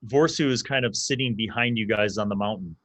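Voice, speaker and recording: A man's voice: lowish voice, fairly quick, a bit bright, no echo. A man narrating a tabletop game as game master in a casual way, with loose fillers.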